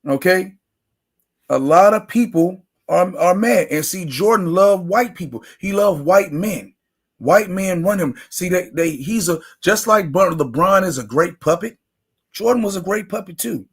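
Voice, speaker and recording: A man's voice: sits high, animated, measured pace, husky. A man hosting a sports talk livestream, ranting emphatically and greeting chat viewers by name. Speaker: sports talk show host. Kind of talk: casual livestream commentary.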